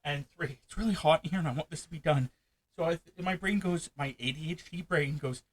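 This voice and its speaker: A man hosting a casual let's-play, talking fast and loud in a hyper rush. His voice sits a little higher than most men's. He chats with fellow players about his game. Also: poor audio. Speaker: gaming channel host. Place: hot room at home.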